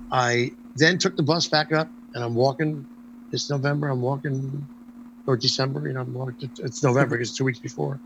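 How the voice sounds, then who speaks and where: An older man, a former stage performer, telling a lively anecdote in an interview with frequent ums and restarts. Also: mid-range voice, slight background noise, poor audio. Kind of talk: storytelling anecdote in conversation.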